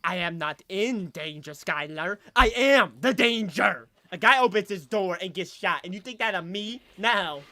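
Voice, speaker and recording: A man dubbing a menacing middle-aged man who is a proud, cold drug kingpin, speaking quietly and intensely with sharp gasps between lines into a desk microphone. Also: high-pitched, expressive, moderate pace, few pauses, no room sound, exaggerated voice. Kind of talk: live dubbing a film scene.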